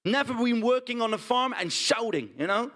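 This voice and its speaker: A man's voice: extremely high pitch, moderate pace. A man playing a blunt, indignant pig farmer. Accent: Dutch. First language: Dutch. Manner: blunt, animated storytelling with frequent "huh?" and "right?" tags. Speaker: stage performer. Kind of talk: theatrical monologue.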